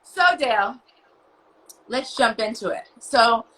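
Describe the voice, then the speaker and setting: A woman's voice: a little high, fairly even intonation, slow, fairly bright tone, slight background noise, poor audio. An American woman hosting a podcast, upbeat and teasing as she interviews a guest. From United States. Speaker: podcast host. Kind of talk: casual video interview.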